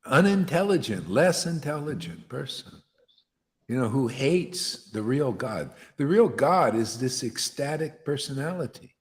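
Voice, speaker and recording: In a hall with long reverb, a male spiritual teacher leads satsang with an impassioned devotional sermon. Very animated at a measured pace, his mid-range voice is blunt and fiery, sprinkled with slang such as "man."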